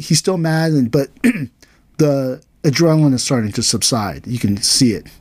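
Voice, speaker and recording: With a mid-range voice and no echo in the recording, a man hosting a podcast tells a story in a relaxed, animated way. He's an aikido teacher and acts out the dialogue in a raised, livelier voice.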